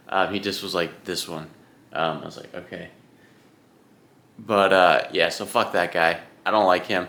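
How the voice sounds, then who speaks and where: A young man talks to his camera at home, rambling about his bike and his training. His voice sits low but comes across bright and forward. He swears freely and rants in a loose, casual way. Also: moderate pace. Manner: chatty, swears freely, ranting. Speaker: vlogger training for an Ironman.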